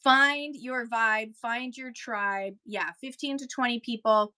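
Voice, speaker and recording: A woman's voice: on the high side, takes it slowly, sharp tone, clear, resonant tone. A woman hosting a live seller chat, talking casually and rambling, slipping into auctioneer patter, with a Kentucky accent. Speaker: host giving seller tips.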